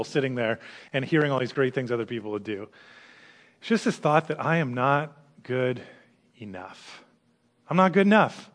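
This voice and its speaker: A man's voice: high voice, a bit bright. A man who is a minister, giving a conversational sermon that opens with a personal story. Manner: conversational storytelling with quoted voices.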